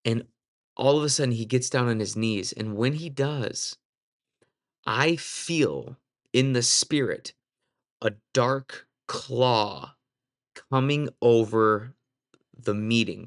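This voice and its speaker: A man's voice: medium pitch, expressive, takes it slowly, long pauses. A man with a mid-range voice telling a ministry story from his own life. He speaks earnestly and candidly, working as a Christian minister.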